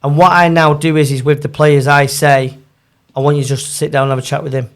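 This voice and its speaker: A man, a football agent chatting in an interview, telling animated stories. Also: a little high, a little fast. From Manchester, England. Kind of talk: casual storytelling interview.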